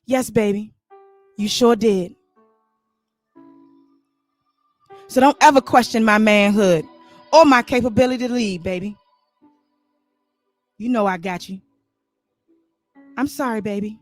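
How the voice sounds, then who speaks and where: A man's voice: sits high, unhurried, long pauses, darkish tone, faint music behind. A man voicing a brash young husband who boasts about his courage, in a comic spoken story. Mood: boastful.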